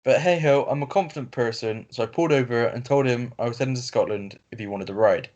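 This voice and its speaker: A man reads an online story aloud to his co-host over a call, stumbling and restarting often. His voice sits in a middle pitch, with fillers scattered through the reading. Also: a little mellow. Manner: reads haltingly with fillers and self-corrections. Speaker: podcast co-host reading stories. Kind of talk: casual chat, reading aloud. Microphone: video call. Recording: lo-fi call audio.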